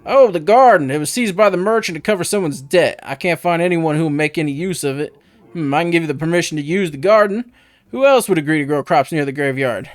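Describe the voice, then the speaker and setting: A man voicing a male village head in a game, with a slow country drawl and a chatty, evasive manner. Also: a little high, no room sound, natural voice. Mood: folksy.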